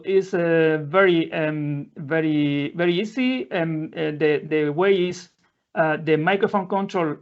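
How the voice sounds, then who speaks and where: A man presenting a live software demo in non-native English, halting often with fillers and restarting his sentences. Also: a little high. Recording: dull lo-fi audio.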